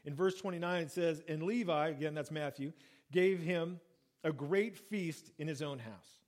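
A man preaching a sermon, reading scripture and then explaining it in a casual, conversational way, acting out quoted lines. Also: normal speed. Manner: conversational, acts out quoted lines with lively pitch jumps. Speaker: pastor. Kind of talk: sermon, Bible reading and teaching.

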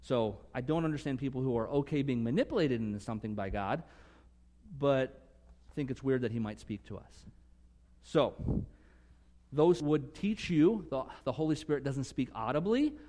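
A man preaching a sermon earnestly, swinging from emphatic conviction to soft, hushed moments. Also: mid-range voice, moderate pace, in a large hall. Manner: earnest, rising to emphatic conviction, dropping to soft near-whispers. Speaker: pastor.

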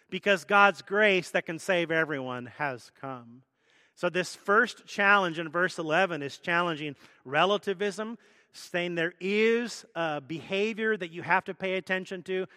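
Guy preaching in a church, kinda high voice, casual and jokey, reverb from the hall. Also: pushed and bright, studio quality. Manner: conversational teaching with self-deprecating jokes. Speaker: pastor. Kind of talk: sermon.

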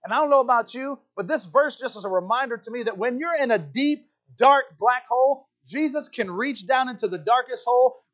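Pastor, male, high voice, lively and joking, preaching in church, dull lo-fi recording. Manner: animated, playful asides, keeps asking "right?". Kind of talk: sermon. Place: church hall.

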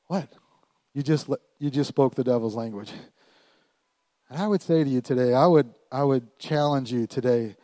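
Animated pastor preaching a sermon. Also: male voice, medium pitch, normal speed, no echo. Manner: animated, call-and-response with congregation; emphatic, swings from quiet to loud. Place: church.

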